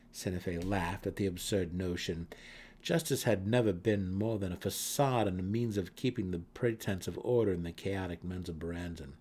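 A man giving a dramatic audiobook reading of a fantasy novel. His low, husky voice moves slowly and deliberately through the narration. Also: a little mellow. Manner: measured, deliberate storytelling.

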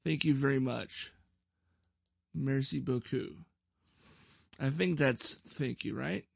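A man's voice: mid-range voice, unhurried, gravelly, husky, no echo, clean studio sound. A man hosting his own podcast in a rambling, self-deprecating casual chat, often stumbling over his words. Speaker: podcast host.

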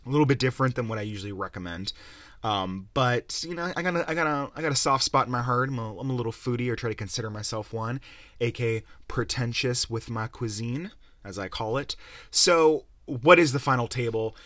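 A man's voice: medium pitch, a little fast, fairly bright tone, no echo. A young man hosting a podcast, rambling and sarcastic as he swears his way through a casual review. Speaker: podcast host. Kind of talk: casual rant-style review.

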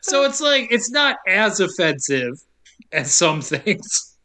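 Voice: medium pitch, sing-song, takes it slowly, sharp tone. A podcast co-host recapping a movie in casual chat, wry and sarcastic, laughing often.

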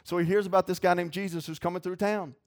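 A man's voice: high voice, fairly even intonation, fast talker. A man preaching a sermon in a folksy, earnest way. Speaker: pastor.

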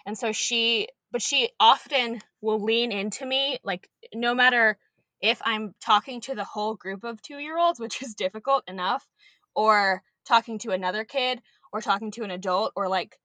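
A woman's voice: fairly high pitch, normal speed, pushed and bright, no echo. A young woman and preschool teacher chatting as a podcast guest, telling stories animatedly and swearing casually.

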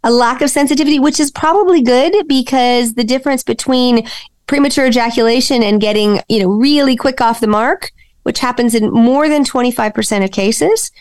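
Blunt female co-host, slightly high voice, dry close sound. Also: fairly quick, a little mellow, dry recording. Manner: frank, blunt. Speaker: podcast co-host, sex educator. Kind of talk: casual chat.

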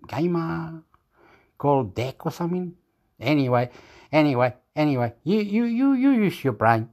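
A man vlogging into a phone at home, meandering and halting as he searches for words, chuckling often. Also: medium pitch. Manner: meandering, keeps repeating "anyway", chuckles often. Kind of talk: rambling casual chat to camera.

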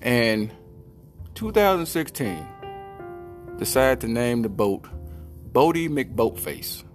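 A man hosts a comedy podcast, riffing in a loose, rambling way. His voice is medium-pitched and casual, and he slips into silly put-on voices. Faint music plays underneath. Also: very animated, takes it slowly. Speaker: podcast host. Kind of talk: comedic monologue.

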